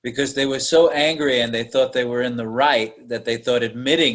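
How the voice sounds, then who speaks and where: A man hosting a podcast, reminiscing in casual chat, animated and laughing often. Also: medium pitch, moderate pace. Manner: animated, laughs often, acts out calls in put-on voices. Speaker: podcast host.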